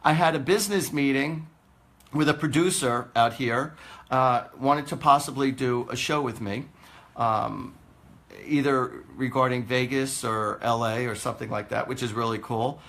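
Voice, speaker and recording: A man's voice: mid-range voice, moderate pace, fairly bright tone. A man, a psychic host chatting casually on a live stream, rambling and laughing often.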